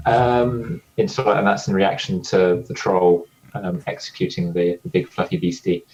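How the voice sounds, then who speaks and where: A man's voice: low-pitched, flat delivery, normal speed, darkish tone, dull audio, slight background noise. A man playing a tabletop game, talking casually and thinking aloud. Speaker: player. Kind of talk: tabletop role-play.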